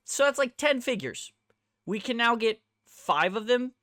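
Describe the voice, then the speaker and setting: A woman's voice: fairly high pitch, expressive, measured pace, fairly bright tone, no room sound, clean studio sound. A woman hosting her own vlog, ranting in a blunt, profane and heated way and throwing rhetorical questions at the viewer. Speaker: host. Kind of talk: ranting toy-collector vlog.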